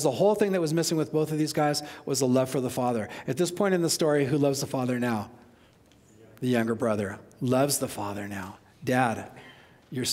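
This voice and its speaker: A high-voiced male pastor preaching in an animated, chatty way, putting questions straight to his listeners. His voice rings with the long reverb of a church sanctuary. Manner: animated, conversational, asks the congregation questions. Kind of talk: sermon.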